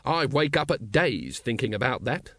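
A man doing a gruff, weary guard captain. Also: medium pitch, animated, normal speed, a bit bright, no room sound, clean studio sound. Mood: glum. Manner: gruff, glum, terse. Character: weary, bitter middle-aged male city guard captain. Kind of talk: audiobook character voice.

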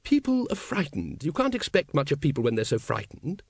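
A man playing a weary, bitter middle-aged city guard captain who speaks gruffly and tersely. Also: on the high side, wildly swooping pitch, a little fast, no echo, studio quality, full character voice. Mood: glum. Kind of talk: audiobook character voice.

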